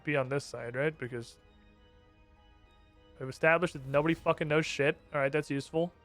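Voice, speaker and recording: A man's voice: a little high, fairly even intonation, fairly quick, a bit bright, faint music behind. A man streaming a game, commenting casually with sarcastic, profane asides. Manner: sarcastic, profane, laughs at himself.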